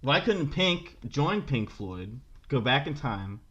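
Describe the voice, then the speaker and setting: A man's voice: mid-range voice, very animated, slow pace, a bit bright. Mock-earnest male comic co-host, mid voice, slightly dull recording. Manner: hesitant, mock-earnest, keeps adding "okay?". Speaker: podcast co-host. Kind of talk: comedic mock debate.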